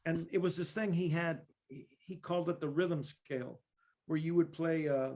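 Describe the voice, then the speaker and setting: There is slight background noise as a man from East Los Angeles, California, a guest percussionist, shares meandering anecdotes in a casual interview. His fairly high, a little mellow voice stays steady at normal speed, with many fillers, restarts and bits of laughter.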